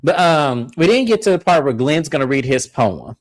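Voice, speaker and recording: A man co-hosting a reality TV recap, telling the story in casual chat and jumping into high-pitched impressions of the cast. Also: animated, moderate pace, no echo.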